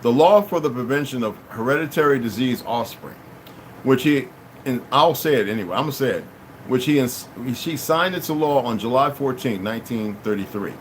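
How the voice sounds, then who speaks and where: Reading a passage for his audience, this channel host keeps pausing to address them directly in off-the-cuff remarks. His middle-pitched voice is animated and a little fast, tripping on unfamiliar words and starting sentences over. Poor audio leaves a faint background hum.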